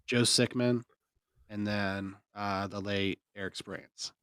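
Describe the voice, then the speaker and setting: A man's voice: on the low side, steady tone, slow, a bit bright, clear, resonant tone, dry recording, studio quality. A young man, co-hosting a podcast and rambling through a story with bursts of laughter. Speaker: podcast co-host. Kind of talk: casual storytelling chat.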